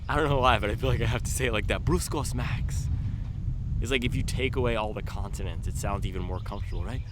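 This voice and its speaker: A man's voice: fairly low pitch, noisy background. A man casually reviewing running shoes, talking in a playful way with goofy asides. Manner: playful, goofy asides and drawn-out silly pronunciations.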